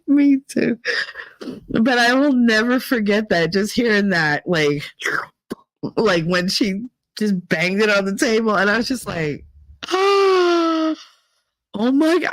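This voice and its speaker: A middle-aged woman hosting a podcast, telling a story casually, laughing often and acting out quotes in a higher voice. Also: no echo, clean studio sound. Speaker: podcast host.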